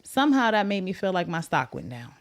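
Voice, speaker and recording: A woman in her thirties hosts a podcast and shares her own story in a candid, reflective way, her voice sitting on the low side. She turns lively and animated whenever she retells a conversation. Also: a little fast, soft background music. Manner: earnest, reflective, animated when retelling others' words. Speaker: podcast host.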